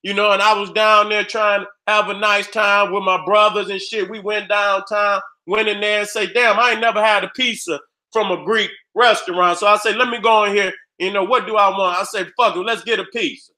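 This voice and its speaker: Man, very high voice, profane casual ranting commentary, emphatic and repetitive. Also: steady tone, brisk, sharp tone. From Detroit area. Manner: profane, emphatic and repetitive, reacting to images on screen. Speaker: online commentator.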